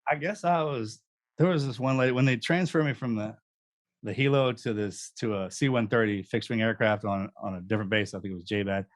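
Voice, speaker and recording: A man's voice: on the low side, fairly quick. A man, a guest recounting memories in a joking, laughing way. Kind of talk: casual storytelling.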